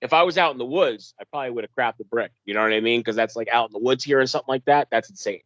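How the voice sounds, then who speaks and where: A young man from New York telling a wilderness story in an animated way, acting out the voices of the people in it and using lots of fillers. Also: medium pitch, racing, no room sound. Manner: animated, acts out quoted dialogue in a raised voice, many fillers. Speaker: guest telling his encounter. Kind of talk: casual storytelling interview.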